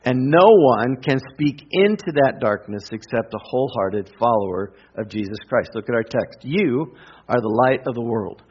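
A middle-aged man preaching a sermon with emphatic repetition and deliberate pauses. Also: medium pitch, lively intonation, slightly rough, muffled recording. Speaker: pastor.

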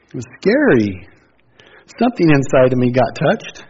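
A middle-aged man preaching a sermon as pastor, earnest, rising to loud exclamations and dropping to quiet pleading. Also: a little high, big pitch swings, unhurried, breathy edge. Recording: dull lo-fi sound.

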